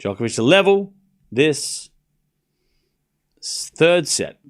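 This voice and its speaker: A man's voice: on the high side, sing-song, takes it slowly. A man streaming a live tennis watchalong, calling points and teasing viewers with playful mock outrage. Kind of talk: live watchalong commentary and chat banter.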